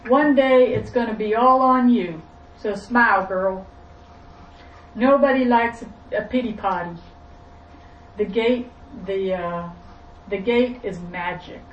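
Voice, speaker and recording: A woman's voice: on the high side, takes it slowly, pauses often, muffled recording, slight background noise. A woman voicing a tough but nurturing female cook, recorded from a distance in an echoey room. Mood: encouraging.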